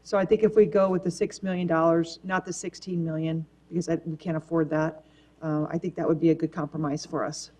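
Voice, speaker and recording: A woman on a city council giving a plain, measured opinion in a public meeting. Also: low voice, flat delivery, darkish tone. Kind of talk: council debate.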